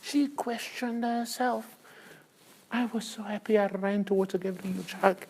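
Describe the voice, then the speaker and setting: An older man with a South African accent, telling stories to parents as a guest speaker, animated and emphatic, laughing often. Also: sits high, moderate pace, in a large hall, a little hiss or hum. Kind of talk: storytelling talk to parents. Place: school hall.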